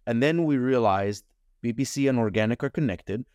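A man talking as a podcast guest in a casual, frank and animated way, with frequent fillers and casual swearing. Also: mid-range voice, normal speed, dry recording, clean studio sound. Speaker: podcast guest, advertising consultant. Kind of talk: casual conversational interview.

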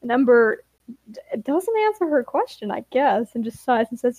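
High-voiced woman co-host. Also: sing-song, normal speed, darkish tone. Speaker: podcast co-host. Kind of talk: casual chat and story reading.

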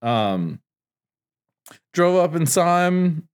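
Slow-talking man, relaxed and rambling. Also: a little high, clean tone. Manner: relaxed, filler-heavy rambling with many ums and likes. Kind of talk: casual chat.

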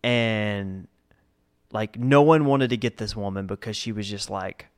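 With a lowish, unhurried voice, a man in his thirties chats casually as a guest, recounting old job stories in an easygoing way. He performs the people he quotes.

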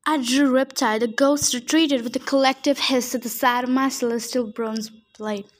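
A woman reading a first-person novel aloud, steady with small slips. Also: high-pitched, normal speed. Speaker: audiobook reader.

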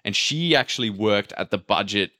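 Low male storyteller, casual podcast chat, lively quoted voices. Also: moderate pace. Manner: animated, acts out quotes, swears casually. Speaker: podcast host telling a travel story.

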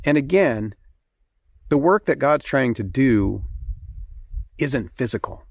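A man's voice: medium pitch, lively intonation, takes it slowly, gravelly, long pauses, a little mellow, no echo. Earnest man preaching in a dry room. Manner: earnest, conversational, with fillers and restarts. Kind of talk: sermon with scripture reading.

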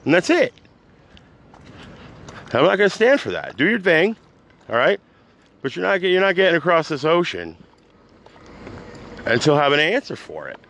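A man hosting his own podcast, ranting unscripted, agitated and rambling, swinging between loud outbursts and low mutters. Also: sing-song, normal speed, pauses often. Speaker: podcast host. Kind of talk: unscripted rant.

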